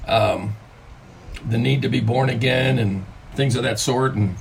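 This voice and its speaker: An older man, a grandfather, giving a conversational devotional talk from home, stressing key words by slowing down on them. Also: mid-range voice, gravelly, a little hiss or hum. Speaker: pastor.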